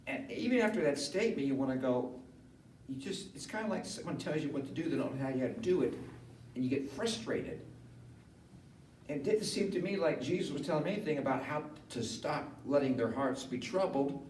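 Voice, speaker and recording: Male pastor, funeral sermon, conversational and building; deeper voice, distant roomy recording with faint hiss. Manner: conversational, rises to animated emphasis. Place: funeral home chapel. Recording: echoey room from far off, faint hiss.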